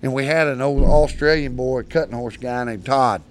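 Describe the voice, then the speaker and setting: A man guesting on a studio podcast, telling rough, colloquial stories in a rambling way with restarts. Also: medium pitch, normal speed. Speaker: podcast guest, predator hunter. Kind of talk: casual storytelling.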